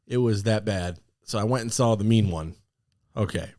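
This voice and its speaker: A man's voice: on the low side, moderate pace, dark tone, no echo, studio quality. A man co-hosting a podcast, telling stories animatedly and laughing often. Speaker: podcast co-host. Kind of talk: casual chat.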